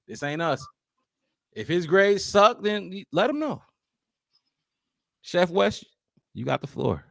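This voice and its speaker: A man hosting a casual sports podcast, lively and talkative, calling out fans in the chat. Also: high-pitched, creaky, dry recording, studio quality. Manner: lively, hypes the chat, quick asides. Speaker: podcast host.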